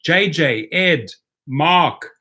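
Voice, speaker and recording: A man's voice: a little high, lively intonation, extremely slow, pushed and bright. A man with a non-native English accent hosting a live stream, talking passionately and rallying his viewers. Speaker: rideshare YouTube host.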